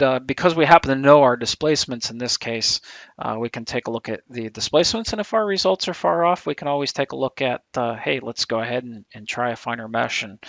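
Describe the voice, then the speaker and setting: A man giving a software tutorial screencast, thinking aloud with relaxed fillers and restarts, a little tired. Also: mid-range voice, dry recording, poor audio. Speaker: instructor.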